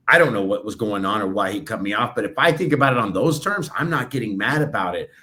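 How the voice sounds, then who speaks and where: A male podcast co-host telling an animated motivational story and acting out the voices of people in it. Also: lowish voice. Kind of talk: casual chat.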